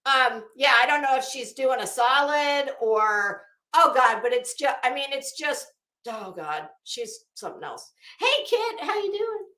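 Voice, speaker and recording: A woman's voice: high voice, lively intonation, measured pace, bright, forceful tone, reverberant. A woman hosting a casual livestream, chatting sarcastically and greeting viewers in her chat. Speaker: livestream host.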